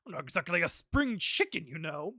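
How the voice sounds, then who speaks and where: A woman's voice: on the low side, sing-song, brisk, bright, forceful tone, no echo, clean studio sound, heavily acted. A woman voicing an older, fussy male judge in a courtroom game, flustered and mildly scolding.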